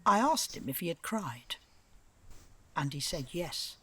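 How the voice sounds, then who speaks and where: A woman's voice: deep voice, big pitch swings, unhurried, sharp tone, husky, heavily acted. An actress voicing an older grandmother in a video game, speaking reflectively and with regret about her grandson. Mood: regretful.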